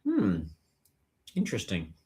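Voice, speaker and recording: A man's voice: fairly low pitch, huge pitch swings, takes it slowly, warm tone. A British man chatting casually on a phone livestream, reading out and answering viewer comments.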